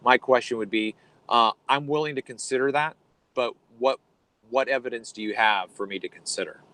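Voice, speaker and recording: A man's voice: mid-range voice, normal speed, bright, forceful tone, no room sound, rough recording. A man co-hosting a conversation, explaining Bible translation in a hesitant, teacherly way with frequent ums and restarts. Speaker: podcast co-host.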